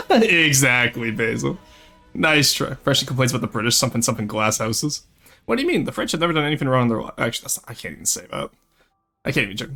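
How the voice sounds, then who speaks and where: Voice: medium pitch, big pitch swings, quick pace, vocal fry, bright, forceful tone, soft background music. A VTuber streamer chatting casually with viewers at home, teasing and laughing often. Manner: joking and teasing, laughs often, talks straight to chat. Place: home, second-floor room.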